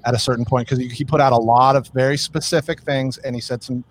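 A man's voice: mid-range voice, steady tone, fast, a little hiss or hum. A man co-hosting a podcast, talking in casual chat with lots of hesitations and restarts. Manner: hesitant, frequent restarts and fillers. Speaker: podcast co-host.

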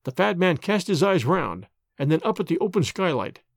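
A man narrating an audiobook in a measured, expressive storytelling manner. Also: high voice, vocal fry, no room sound, studio quality.

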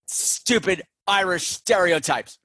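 Joking, animated man reviewing a film. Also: sits high, slow, no echo. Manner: animated, profane, jokey. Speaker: podcast host. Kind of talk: casual movie review chat.

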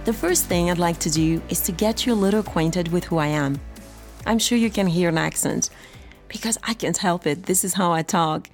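Host: upbeat woman, slight French accent, a bit low-pitched, encouraging faith podcast talk. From France.

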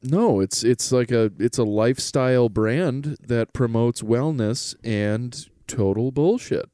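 A man's voice: mid-range voice, slow pace, warm tone, dry recording, clean studio sound. A young man co-hosting a casual comedy chat, joking, laughing often and swearing freely. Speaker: podcast co-host.

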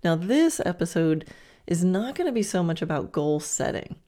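A woman hosts a podcast, delivering a chatty, encouraging coaching monologue sprinkled with playful asides. Her voice is lowish, sing-song, and dark in tone, at a moderate pace.

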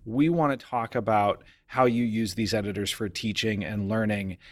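A man's voice: on the low side, steady tone, moderate pace, dry recording. A man co-hosting a coding-education podcast, welcoming listeners and guests in an upbeat, casual way. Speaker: podcast co-host; coder who teaches.

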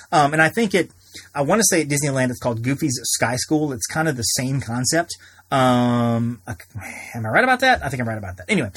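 A man in his thirties hosts a podcast and tells personal stories in a loose, rambling way, often restarting his sentences. His voice is husky and his delivery quick, and the recording is dry with no room sound. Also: medium pitch, dry recording. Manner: rambling, many restarts and repeated words. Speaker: podcast host. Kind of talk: casual personal storytelling.

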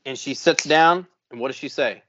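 A man's voice: mid-range voice, normal speed, fairly bright tone, dry recording, dull audio. A man co-hosting a podcast, telling a long profane story and acting out both sides of an argument. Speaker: podcast co-host. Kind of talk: casual storytelling.

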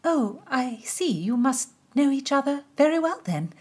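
A woman's voice: high-pitched, very animated, a little slow, a little mellow, pitched above the performer's own voice. Woman doing a flustered young maid, lighter voice. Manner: timid, stammering. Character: flustered earnest young English maid of honour.

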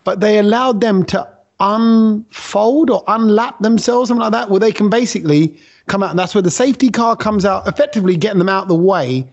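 A man's voice: sits high, a little fast. A man hosting a casual chat, animatedly explaining things through acted-out analogies. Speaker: podcast host. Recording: dull lo-fi sound.

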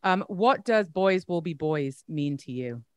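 A woman's voice: lowish voice, lively intonation, unhurried, a little mellow, no room sound. A woman hosts an interview in a dry, close-miked sound. She listens closely and restates her guest's ideas in an affirming, reflective way. Her talk is casual and easy. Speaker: interview host.

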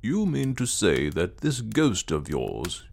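A man doing a slow, pipe-smoking listener. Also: fairly low pitch, wildly swooping pitch, vocal fry, a little mellow, heavily acted. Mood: thoughtful. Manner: slow, measured questioning.

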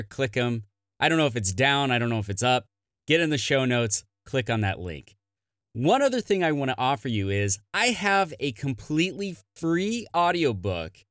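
A man's voice: medium pitch, a bit bright, no room sound, studio quality. A man hosting a comedy podcast, chatting casually and plugging things in an upbeat, self-deprecating way. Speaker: podcast host. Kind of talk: casual podcast chat and promo.

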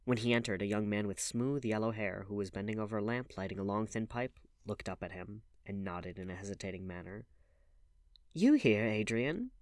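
A male audiobook reader with a low-pitched voice and a measured, even delivery. The sound is dry and close, with no room around it. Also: no echo. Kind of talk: scripted audiobook narration.

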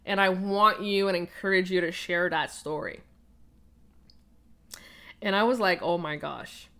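An earnest young woman talks straight to her listeners, telling a personal story of her own. She leans on "like" and "right?" and often breaks into laughter. Her voice sits at an ordinary middle pitch. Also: measured pace, a bit bright. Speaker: podcast host.

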